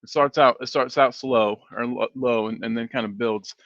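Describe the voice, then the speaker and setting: A man's voice: mid-range voice, fairly even intonation, moderate pace, fairly bright tone, no echo. A sleepy man hosting a fan live stream, rambling casually and reading viewer comments aloud. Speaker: fan channel host. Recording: dull, dry stream audio.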